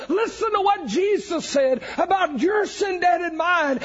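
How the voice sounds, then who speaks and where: A man preaching an evangelical sermon, fervent, building up to shouted emphasis on key lines. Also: very high voice, animated, a little slow, few pauses, lo-fi sound.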